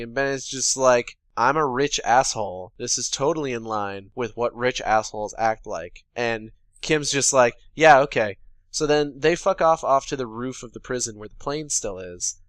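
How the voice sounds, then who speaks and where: Sarcastic and profane, a man co-hosting a podcast runs through a movie's plot, putting mocking paraphrased lines in the characters' mouths. He speaks at a moderate pace in a mid-range, slightly bright voice with no room sound.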